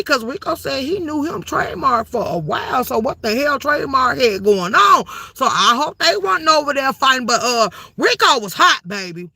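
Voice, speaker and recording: A woman's voice: high voice, animated, moderate pace, gravelly, few pauses, bright, forceful tone, no echo. A woman hosting a livestream, giving casual, profane gossip commentary to her chat with frequent laughs. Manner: brash and profane, laughing often, calling the chat "baby". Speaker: livestream host.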